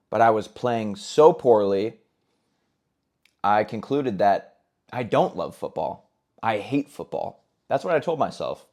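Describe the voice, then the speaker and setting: Low-voiced young man telling his story candidly. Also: darkish tone. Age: 20s. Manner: candid, earnest, conversational. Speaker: self-improvement vlogger. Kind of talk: personal storytelling monologue.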